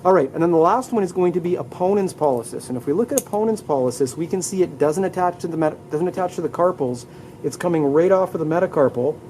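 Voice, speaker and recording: A man's voice: a little high, expressive, fast, background noise. A man teaching anatomy in a live classroom lecture, upbeat, leading students through muscle names and asking them to repeat terms aloud. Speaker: anatomy instructor.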